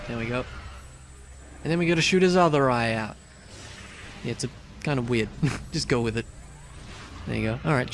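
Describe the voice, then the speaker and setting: A young man casually commenting on a video game as he plays, chatty and rambling, with lots of fillers and asides. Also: medium pitch. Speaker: let's play host.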